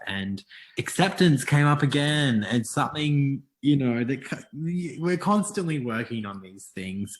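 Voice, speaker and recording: A young man as a podcast guest, talking in a soft, reflective way with frequent restarts in a casual interview. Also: medium pitch.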